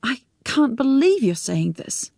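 Upset middle-aged mom, pleading and defensive, slow delivery, dry sound, voiced by a woman. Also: high voice, sing-song, gravelly, a little mellow, dry recording, voice pushed up, full character voice. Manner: pleading, emotional.

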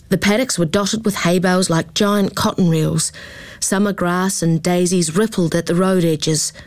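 A woman reading a children's story aloud in a calm, expressive way. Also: fairly low pitch, dry recording. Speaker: narrator.

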